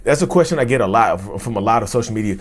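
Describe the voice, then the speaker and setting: A man's voice: lowish voice, animated, rapid-fire, slightly rough. A man hosting a mental health vlog, talking loosely to his viewers, repeating and restarting phrases and calling them y'all. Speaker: mental health vlogger and host. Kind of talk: casual direct-to-camera monologue.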